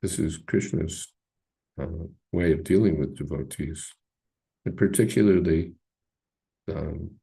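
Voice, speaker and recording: A man with a dark, husky voice leads a scripture class. He talks in a halting, searching way, with frequent fillers and pauses. His delivery is informal and reflective. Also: very deep voice. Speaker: teacher leading a scripture class.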